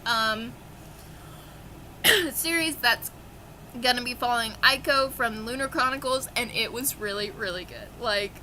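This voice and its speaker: A woman's voice: fairly high pitch, a little slow, long pauses, bright, forceful tone, a little hiss or hum, rough recording. A young woman with a dry, coughing throat, gushing and swearing casually as she chats through her monthly reading wrap-up for her book vlog. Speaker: book vlogger.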